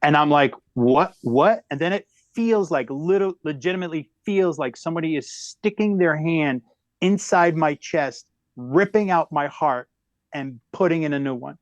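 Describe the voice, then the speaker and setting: A middle-aged man tells a personal story with a comedian's timing, sometimes racing and sometimes slowing down. His voice sits a bit higher than most men's. The sound is dry and close to the mic. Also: no echo, lo-fi sound. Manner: animated storyteller who shifts pace a lot. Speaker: guest comedian. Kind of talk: storytelling in a podcast conversation.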